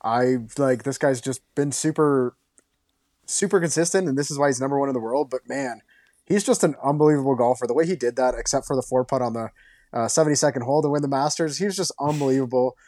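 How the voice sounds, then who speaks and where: A man co-hosting a sports podcast talks quickly, keeping his analysis flowing with enthusiasm in casual chat. His voice is medium-pitched and a little mellow, and the recording is dry with no room echo.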